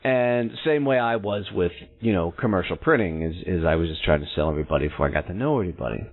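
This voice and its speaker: A man's voice: low-pitched, fast. Blunt man telling a story over a phone-thin line. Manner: blunt, salty, self-mocking. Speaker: podcast host. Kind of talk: storytelling monologue. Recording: narrow phone-like sound.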